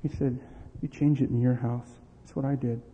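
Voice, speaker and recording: There's a little hiss or hum on this tinny, lo-fi recording with long hall reverb. A middle-aged pastor speaks at a moderate pace in a mid-range voice, laughing and acting out dialogue from family stories with bursts of energy.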